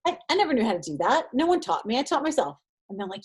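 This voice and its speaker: A woman's voice: quick pace, slightly rough. A woman in her thirties, a guest on an interview podcast, talking casually and acting out quoted exchanges. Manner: animated, acts out quoted exchanges in a higher voice. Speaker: podcast guest, triathlete and mindset coach.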